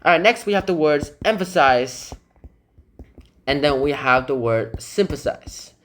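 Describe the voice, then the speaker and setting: A young man whose first language is Korean explains English vocabulary in a relaxed way, thinking aloud with hedges and asides. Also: fairly high pitch, unhurried. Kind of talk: casual explanation reading example passages aloud.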